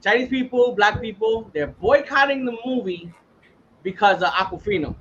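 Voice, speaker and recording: A man's voice: sits high, animated, moderate pace, a bit bright, muffled recording, a little hiss or hum. A man hosting a casual podcast chat, ranting heatedly and swearing freely. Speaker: podcast host.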